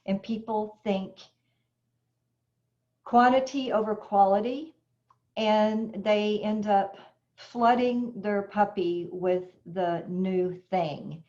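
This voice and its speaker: A woman's voice: medium pitch, steady tone, takes it slowly, mellow. A woman dog trainer teaching an online puppy class in a chatty way, explaining with everyday examples. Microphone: video call. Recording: dull lo-fi video call audio.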